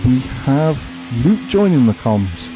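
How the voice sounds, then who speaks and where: A man's voice: medium pitch, big pitch swings, measured pace, over music. A man giving live, chatty commentary on a sim-racing event, thinking aloud as he watches. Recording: faint background noise.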